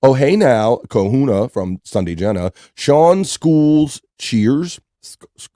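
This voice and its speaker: A man hosts a casual livestream, working through viewer messages and calling out names in a loose, joking way. His voice sits at an ordinary pitch with a warm, mellow tone. The sound is dry and close, with no room around it. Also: slow pace, no echo. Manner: reads chat messages aloud and gives lively shout-outs. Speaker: livestream host.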